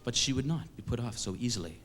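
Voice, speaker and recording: Guy from eastern canada doing a deadpan funny story on stage, voice swoops around, music in the back. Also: mid-range voice, fast talker. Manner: wry, deadpan self-mocking delivery. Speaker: comedian storyteller. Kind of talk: comic storytelling monologue. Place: stage at a live show.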